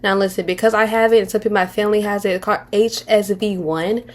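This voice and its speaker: A woman's voice: medium pitch, fairly even intonation, quick pace. A woman in her twenties giving casual commentary on a reality show, candid and slangy, rambling with restarts and mocking impressions. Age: 20s.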